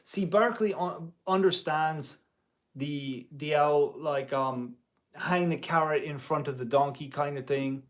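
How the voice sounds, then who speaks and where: A man's voice: on the high side, measured pace. A man who teaches music part-time, talking in a rambling vlog commentary with many restarts and mild euphemistic cursing.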